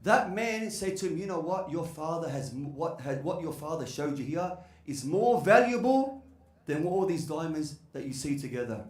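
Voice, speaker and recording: Animated male preacher in an echoey hall. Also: on the high side, normal speed. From Australia. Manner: animated, lively storyteller with Arabic phrases. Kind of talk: sermon storytelling. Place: large hall.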